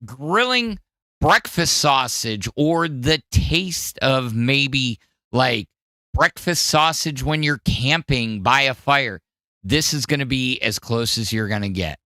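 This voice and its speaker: A Midwestern-accented man hosts a casual podcast and pitches gifts like an eager salesman, with a bright, lively voice. He takes his time with each line and builds up to loud bursts. The dry, close sound carries no room echo. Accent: Midwestern American. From Wisconsin. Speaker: podcast host. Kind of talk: casual chat, gift pitches.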